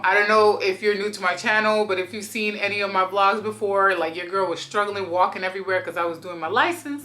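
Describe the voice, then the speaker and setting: A woman's voice: mid-range voice, bright, forceful tone. A young woman vlogging a dramatic unboxing, theatrical and sassy, chatting straight to her viewers.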